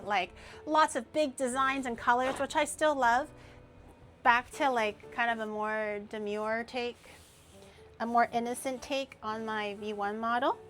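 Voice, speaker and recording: A young woman streamer chatting casually and rambling as she cooks, with loud playful outbursts. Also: a little high. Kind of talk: casual cooking stream chat.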